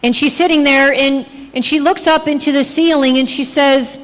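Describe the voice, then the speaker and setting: A woman giving a health presentation at a church, telling lively patient stories and pointing out details in photos. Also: high voice, a little fast, long reverb tail, poor audio. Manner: lively anecdotal storytelling, acting out patients' replies. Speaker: health speaker. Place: church hall.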